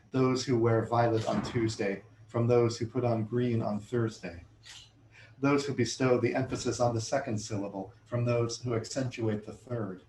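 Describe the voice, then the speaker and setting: Middle-aged guy reading poetry in a bookshop, slow and deliberate, echoey room with faint hum. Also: medium pitch, darkish tone. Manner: measured, deliberate reading, chatty and self-amused between poems. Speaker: poet giving a reading. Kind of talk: poetry reading with spoken asides. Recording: roomy hall sound, faint room noise.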